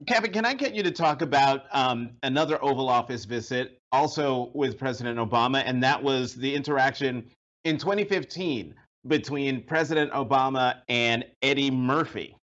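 A man's voice: medium pitch, normal speed, a bit bright. A man host moderating an interview, asking questions with some hesitant fillers. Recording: slightly muffled audio.

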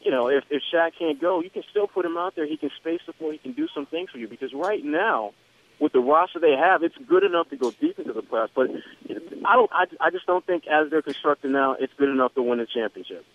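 A man's voice: on the high side, expressive, a little fast, no echo. Muffled male guest on a call. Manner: hesitant restarts, analytical. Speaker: guest basketball beat writer. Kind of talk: podcast interview analysis.

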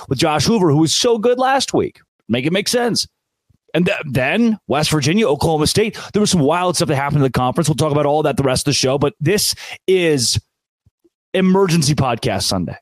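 A man's voice: fairly high pitch, no echo. A man hosting a sports podcast, ranting with sarcasm and hyperbole in an opinionated, fired-up way.

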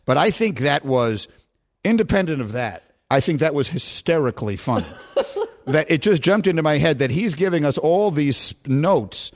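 Giddy, tired sports radio host. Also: male voice, on the high side, lively intonation, moderate pace. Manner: giddy, laughing, teasing.

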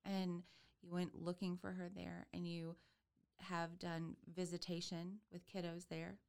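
A woman's voice: on the low side, completely flat delivery, measured pace, vocal fry, clear, resonant tone. A woman hosting a podcast interview, affirming her guest with many fillers and restarts. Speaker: podcast host. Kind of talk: casual interview chat.

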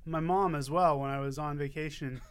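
Man, podcast co-host, teasing banter, smooth clear voice. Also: fairly high pitch, steady tone, a little fast. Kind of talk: casual comics chat.

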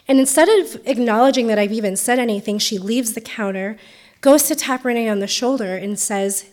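Californian woman, late twenties, slightly high voice, conversational personal storyteller with frequent ums. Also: brisk. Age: 20s.

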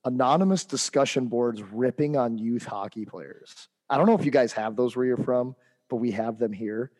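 A man's voice: mid-range voice, normal speed, a little mellow. A man co-hosting a hockey podcast, telling a heated coaching story in casual chat with lots of fillers and restarts.

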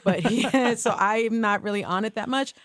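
A woman with a slightly high voice co-hosts a podcast, casually sharing strong opinions with emphasis and quick asides. The studio-quality recording has no room sound.

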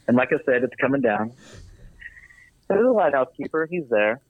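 A man's voice: medium pitch, very animated, moderate pace, no room sound. A man telling a long shaggy-dog joke in a casual, meandering way, full of fillers and restarts. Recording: tinny phone-like radio sound.

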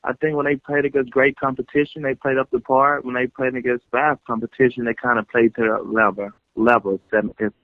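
A man who is a former football player and now a coach, answering interview questions in a relaxed way and thinking out loud. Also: medium pitch, brisk, few pauses, dry recording. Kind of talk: podcast interview. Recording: tinny dry phone line.

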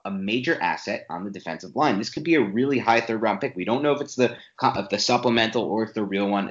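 Opinionated man in an echoey room. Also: lowish voice. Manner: animated, opinionated, rapid-fire argument. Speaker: podcast co-host. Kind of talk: sports podcast analysis. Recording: echoey room, dull lo-fi sound.

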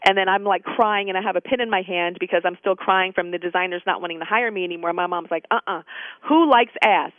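Woman chatting on a tinny phone line, lively, does little voices for quotes, dry sound. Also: fairly low pitch, fast, hardly any pauses, no echo. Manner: lively, acts out quoted dialogue. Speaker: interview guest. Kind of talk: casual storytelling interview.

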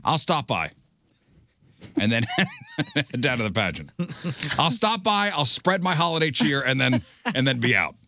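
A man hosting a radio show, talking in a bright, ringing voice that moves around a lot in pitch. He rambles in a dry, self-deprecating way, and the studio sound is close and dead. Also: big pitch swings, measured pace, long pauses, no echo. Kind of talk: casual studio banter.

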